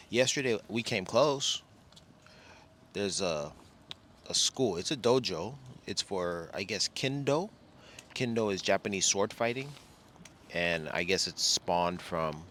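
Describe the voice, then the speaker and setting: Man, very deep voice, rambling casual vlog talk, self-correcting, faint background hiss. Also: fairly bright tone. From Los Angeles. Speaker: travel vlogger.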